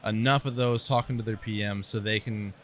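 A man's voice: fairly low pitch, steady tone, a little fast, slight background noise. A man, a tree-care pro, chatting bluntly and animatedly about gear on a podcast. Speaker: arborist guest. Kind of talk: casual podcast chat.

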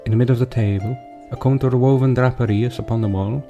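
A man reads an old passage aloud in a slow, measured recitation, using a period pronunciation. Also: medium pitch, steady tone, warm tone, lo-fi sound, soft background music.

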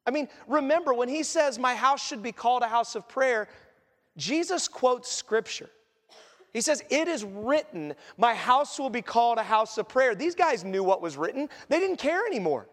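A man preaching a sermon as pastor, animated and acting out quoted voices as he teaches. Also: extremely high pitch, normal speed. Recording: echoey hall reverb.

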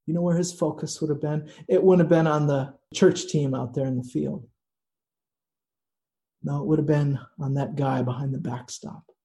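A man preaching a sermon in a slow, earnest way, with dramatic pauses. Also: fairly high pitch, warm tone. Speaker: pastor.

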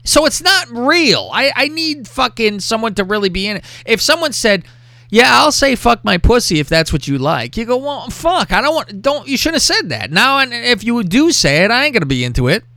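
A man's voice: very high voice, big pitch swings, moderate pace, pushed and bright, dry recording. A man hosting a podcast, talking crudely and animatedly, often mimicking other people's voices. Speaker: podcast host. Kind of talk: crude casual chat.

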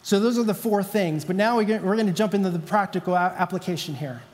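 A man's voice: high voice, fast, in a large hall. A male pastor preaching a sermon in a conversational, storytelling way, repeating key lines for emphasis.

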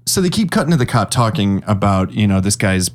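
A man's voice: on the low side, very animated, fairly quick, soft background music. A young man co-hosting a podcast, talking in a laid-back, wry and profane way. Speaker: podcast co-host. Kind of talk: casual chat.

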